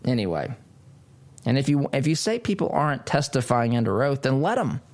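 A man's voice: medium pitch, big pitch swings, fairly quick, darkish tone. A man hosting a political talk radio show, delivering an emphatic monologue with mocking asides. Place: studio.

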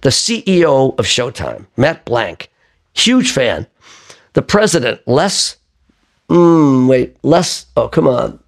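An older man, a singer-songwriter, telling lively stories in an interview and acting out the voices of the people in them. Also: medium pitch, takes it slowly, creaky. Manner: lively raconteur who acts out quoted voices. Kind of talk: conversational storytelling interview.

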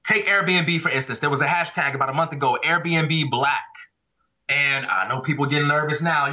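Forceful, passionate man on a podcast. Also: on the high side, moderate pace. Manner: passionate, emphatic arguing. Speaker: podcast co-host. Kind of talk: casual podcast chat. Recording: dull lo-fi audio.

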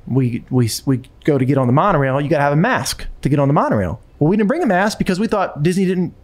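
A man recounts a personal story in relaxed conversation. His delivery is animated, full of stumbles, restarts and repeated phrases as he pushes the story forward. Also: on the high side, quick pace. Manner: animated, with frequent restarts and repetitions.

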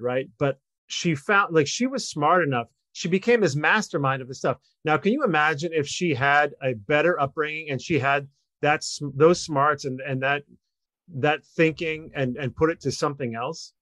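A man's voice: fairly high pitch, moderate pace, fairly bright tone, no echo. A man co-hosting a podcast, chatting casually and rambling a little, known for sarcasm. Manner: self-described sarcastic, rambling. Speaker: podcast co-host. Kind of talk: casual chat.

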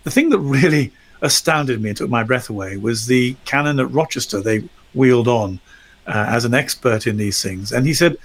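A man's voice: mid-range voice, moderate pace. A middle-aged man, a lecturer, telling stories in a discussion in an articulate, wry way. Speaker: discussion guest, lecturer in psychology of religion. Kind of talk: storytelling in discussion.

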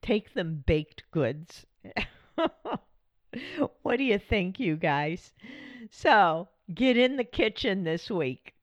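Chatty woman podcast host, lowish voice. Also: expressive, takes it slowly, pauses often, no room sound, highs cut off. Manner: warm, chatty, laughs often. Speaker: podcast host and widow coach. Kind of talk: casual podcast monologue.

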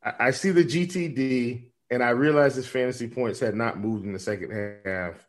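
A man's voice: medium pitch, moderate pace. A man co-hosting a fantasy basketball podcast in casual chat, often stumbling and repeating words with many fillers.

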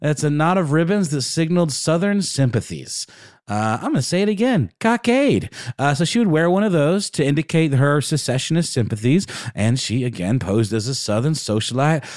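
A man's voice: fairly high pitch, animated, moderate pace, darkish tone, no echo, clean studio sound. A man co-hosting a history podcast who talks in an enthusiastic, rambling way. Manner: enthusiastic, rambling, full of fillers. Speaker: podcast co-host. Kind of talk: casual history podcast chat.

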